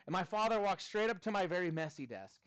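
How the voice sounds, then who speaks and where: A man in his thirties leads a classroom math lesson, his pitch riding high and swinging widely as he jokes with students. The sound is dry and close, with little room echo. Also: fast talker, smooth, muffled recording. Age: 30s. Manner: animated, playful, chatty with students. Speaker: math teacher.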